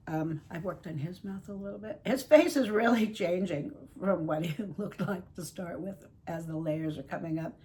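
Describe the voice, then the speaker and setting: Woman, low voice, chatty and rambling, doll-painting vlog, faint hiss behind. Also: moderate pace, few pauses. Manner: chatty, rambling, warm toward her dolls. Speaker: reborn doll artist and channel host. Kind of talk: casual vlog chat while painting dolls.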